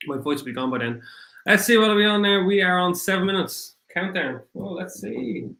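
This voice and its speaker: A man with an Irish accent hosting a casual livestream, rambling and apologetic, his voice getting rough after hours of talking. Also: high-pitched, expressive, fairly quick, sharp tone, echoey room, poor audio. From Ireland. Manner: rambling, apologetic, thinks aloud with many fillers. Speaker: crypto livestream host. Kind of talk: casual livestream chat, reading viewer comments.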